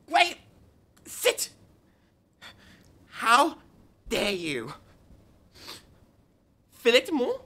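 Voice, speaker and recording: A woman's voice: bright, forceful tone, full character voice. A woman playing a scornful young male waiter who mocks customers and mutters insults under his breath. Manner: high, mocking, with muttered insults.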